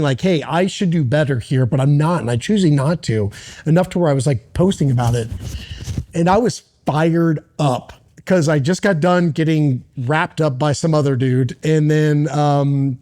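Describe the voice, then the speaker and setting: A middle-aged American man, a former Navy SEAL, telling a personal story as an interview guest, halting and earnest with many restarts. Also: on the high side, warm tone.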